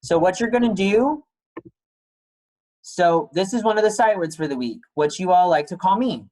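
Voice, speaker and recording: A man's voice: high-pitched, animated, moderate pace, darkish tone, poor audio. A male teacher giving a casual, chatty read-aloud and lesson for young kids, talking to them directly.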